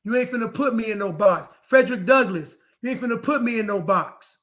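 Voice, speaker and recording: A man's voice: high voice, lively intonation, a little fast, fairly bright tone. A man delivering a defiant ranting monologue to camera, repeating his phrases over and over.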